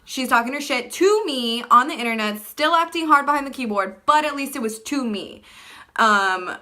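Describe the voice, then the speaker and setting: A young woman telling a personal story to camera in casual chat, animated and full of "like", acting out what people said. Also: high voice, normal speed. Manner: animated, fillers like "like" throughout, acts out quotes. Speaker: vlogger.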